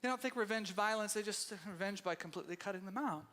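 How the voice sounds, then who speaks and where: A man preaching a sermon as pastor, intense and conversational, swinging between loud bursts and hushed asides and talking straight to the congregation. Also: high-pitched, fast, long reverb tail. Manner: conversational, addresses congregation as "you guys". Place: church sanctuary.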